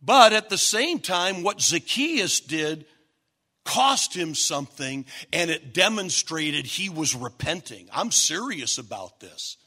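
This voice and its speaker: A man preaching a sermon in a high, bright, ringing voice. He takes his time, lets phrases stack up one after another, and pushes up into shouts for emphasis. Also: very animated, takes it slowly, breathy edge. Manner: emphatic, rising to shouts at key points.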